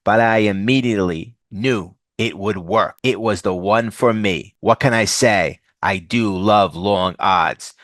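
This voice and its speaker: A smug, taunting aging villain thief, full of grand threats, as a man reads him out in a comic recap. The voice sits low and deep. It sounds close and dry. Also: unhurried, hardly any pauses, a bit bright, dry recording.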